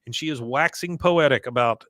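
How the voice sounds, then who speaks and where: A man hosting a podcast, recapping an episode with animated storytelling and frequent laughs. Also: mid-range voice, normal speed, dry recording, studio quality. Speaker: podcast host.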